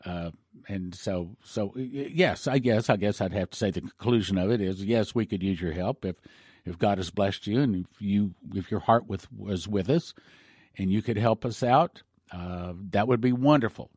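A man's voice: on the low side, normal speed, a little mellow, dry recording. Man preaching casually on a dry mic. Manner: rambling, with restarts and emotional asides. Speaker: host of a prophecy ministry broadcast. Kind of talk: informal preaching and fundraising appeal.

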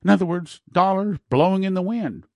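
A man's voice: sits high, brisk, gravelly, dry recording, studio quality. A man hosting a prophecy broadcast, preaching fervently and hammering his points with repeated words. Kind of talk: preaching talk with ad reads.

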